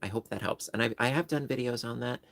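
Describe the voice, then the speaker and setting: A man's voice: medium pitch, quick pace, vocal fry, a bit bright, no room sound. A man hosting a crochet livestream, chatting casually with viewers and explaining stitches step by step. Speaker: crochet channel host. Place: home livestream setup.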